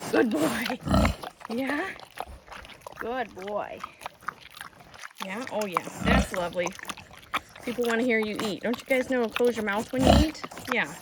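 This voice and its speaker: A woman homestead vlogger talking casually and affectionately to her pigs as she hand-feeds them in an outdoor pen. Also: on the high side. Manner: coaxing, affectionate pet talk to animals. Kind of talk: casual talk while hand-feeding pigs. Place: outdoor farm pig pen. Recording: loud pig grunts and farm noise.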